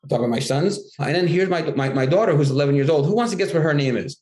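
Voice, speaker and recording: A middle-aged man, a guest author in casual interview talk, animated and acting out his classroom dialogue in a raised voice. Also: on the high side, fast talker. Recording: roomy echo.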